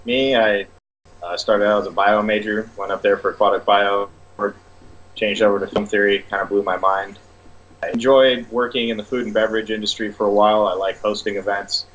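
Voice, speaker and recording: A man with a fairly low voice talks through his working life in a relaxed, casual interview. He reels off one item after another in a steady, unhurried way. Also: dull audio. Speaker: business consultant.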